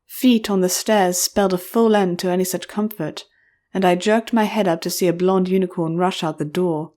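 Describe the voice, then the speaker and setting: A woman's voice: on the low side, steady tone, moderate pace, mellow. Woman narrating a story. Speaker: audiobook narrator. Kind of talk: first-person audiobook narration.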